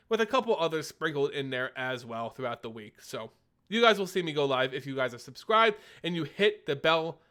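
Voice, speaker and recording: A young man chats through a relaxed live stream, answering his viewers one question after another. His voice sits a little high for a man and is slightly phlegmy. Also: clear, resonant tone. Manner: chatty, reads and answers chat questions. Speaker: streamer host. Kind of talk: casual live-stream chat.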